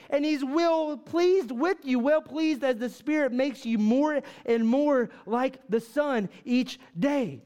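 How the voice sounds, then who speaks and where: A man's voice: very high voice, a little mellow. A man preaching a fervent sermon to a church congregation, full of rhetorical questions and repeated "right?" asides. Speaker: pastor.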